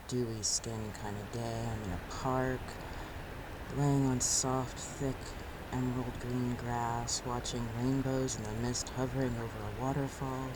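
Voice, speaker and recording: An actress playing a weary captive woman held by aliens, narrating her own story in the first person with a measured, often quiet and inward delivery. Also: a bass voice. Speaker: narrator and lead character. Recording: steady background ambience noise.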